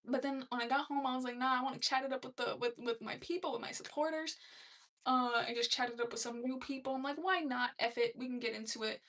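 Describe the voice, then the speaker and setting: Young woman rambling on her live stream, kinda high voice, sitting back from the mic. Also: steady tone, fast, a bit bright, distant mic. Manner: chatty, laughing, reads chat comments aloud. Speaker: livestream host. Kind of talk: casual live-stream chat.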